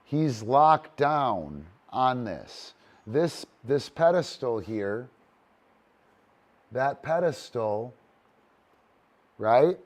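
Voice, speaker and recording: Slow-talking man teaching dog training. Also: medium pitch, big pitch swings, darkish tone. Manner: loose and talky, with cheering cues to a dog. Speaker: disc dog trainer teaching an online session. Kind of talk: casual livestream teaching.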